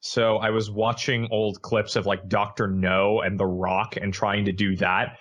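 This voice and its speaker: A man's voice: on the low side, flat delivery, a little slow, fairly bright tone, highs cut off. A man guesting on a podcast as a voice actor, easygoing and self-deprecating, laughing along. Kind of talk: casual podcast chat.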